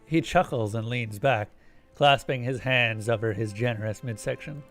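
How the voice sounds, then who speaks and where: A man's voice: mid-range voice, normal speed, fairly bright tone, faint music behind. A male streamer reading video game narration aloud, switching to casual asides about his play.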